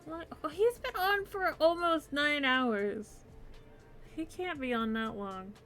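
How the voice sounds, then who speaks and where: A woman chats with her stream viewers while she tidies her crochet yarn. Her voice sits a little high and she takes her time, with plenty of giggles along the way. Soft music plays quietly behind her. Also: lively intonation, takes it slowly. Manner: giggly, chatty, yawning near end of stream. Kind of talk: casual chat with stream chat.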